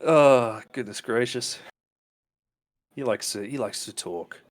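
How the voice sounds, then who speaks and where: A man's voice: medium pitch, slow, lightly acted. A man voicing a polite, rambling doctor who is hosting his guests. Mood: genial. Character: genial male doctor hosting a dinner, fussy explorer.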